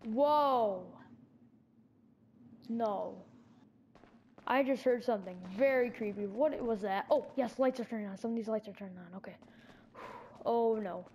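High-pitched girl narrating a spooky game run, jumpy and breathless, bit of noise. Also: a little slow, pauses often, darkish tone, muffled recording. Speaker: player acting out a scary game movie. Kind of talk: improvised game role-play narration.

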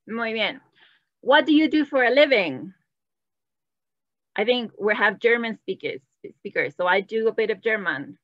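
A woman's voice: mid-range voice, a bit bright, no room sound. A woman teaching a live online Spanish class, switching between English and Spanish and quizzing the chat. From Latin America. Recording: dull, slightly lo-fi dry sound.

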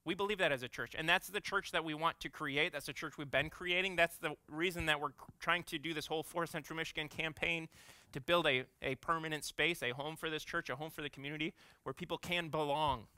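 A man's voice: a little high, steady tone, brisk, sharp tone, smooth. A man in his thirties, an executive pastor, giving a conversational sermon full of playful, self-mocking family stories.

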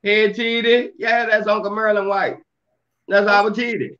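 A man with a New Orleans accent hosts his live stream and greets viewers by their nicknames in an easygoing way. His voice is fairly high for a man, and the sound is a little dull and lo-fi. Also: flat delivery, a little slow, pushed and bright. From Louisiana. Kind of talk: casual live stream chat.

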